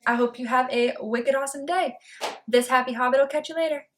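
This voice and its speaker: A woman's voice: high-pitched, fairly quick, a little hiss or hum. A young woman from north of Boston with a light Boston accent, chatting casually to camera as a book vlogger. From Massachusetts, north of Boston. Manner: chatty and playful, lively on word lists. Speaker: BookTube vlogger.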